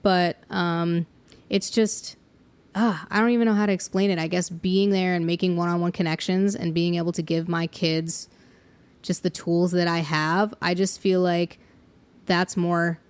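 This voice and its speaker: A woman's voice: lowish voice, steady tone, normal speed, smooth. Chatty young woman, music teacher. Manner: chatty, thinks aloud with fillers and laughs. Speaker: songwriter and middle school music teacher. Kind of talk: casual podcast conversation.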